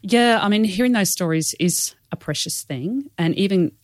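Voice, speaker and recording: A woman's voice: medium pitch, expressive, moderate pace, no echo, studio quality. An Australian woman, a church women's leader, speaking candidly in an interview, earnest and self-deprecating with many fillers.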